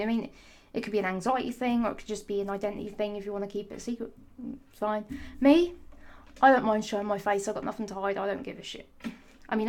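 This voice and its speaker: A young woman, ranting into the camera in a sarcastic, sassy, rambling way and swearing freely. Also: medium pitch. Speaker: vlogger. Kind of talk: ranting casual monologue.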